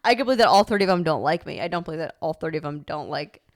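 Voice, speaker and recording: A young woman co-hosting a podcast, telling a story in animated casual chat, full of "like" and laughter. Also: deep voice, very fast. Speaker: podcast co-host.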